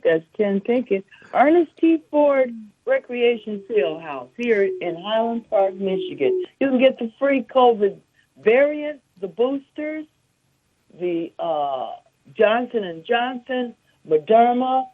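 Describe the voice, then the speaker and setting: A woman hosting a community talk show, speaking in a steady, encouraging way and inviting listeners to come in. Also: a little high, slow. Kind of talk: public service announcement chat. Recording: tinny phone-line sound.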